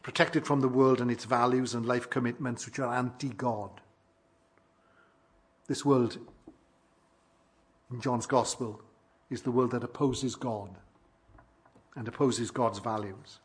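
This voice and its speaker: Husky-voiced man preaching a measured sermon. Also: mid-range voice, steady tone. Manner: measured, emphatic preaching with rhetorical questions.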